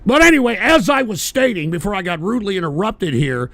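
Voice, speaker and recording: A man hosting a live political stream, ranting with profane, scornful outbursts that rise into shouts. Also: high-pitched, very animated, a little fast, gravelly, dry recording. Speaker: host.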